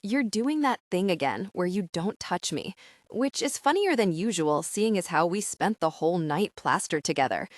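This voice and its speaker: A woman reading the part of a gruff, teasing young man, a former ballplayer, in an audiobook. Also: lowish voice, animated, moderate pace, no room sound, studio quality, close to an everyday voice.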